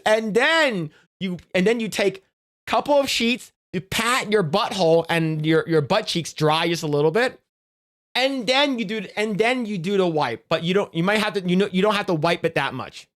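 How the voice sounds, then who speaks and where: A man's voice: sits high, animated, normal speed, a bit bright. A man live-streaming in casual chat, crude and profane, rambling with restarts in a jokey instructional tone.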